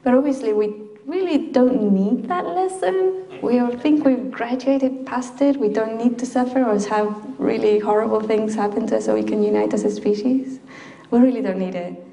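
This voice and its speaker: A woman's voice: a little high, moderate pace, gravelly, mellow. Chatty woman in an echoey room. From Chile. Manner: chatty, laughs often, many fillers. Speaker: speaker addressing a group. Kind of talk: informal talk to an audience. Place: public library meeting room.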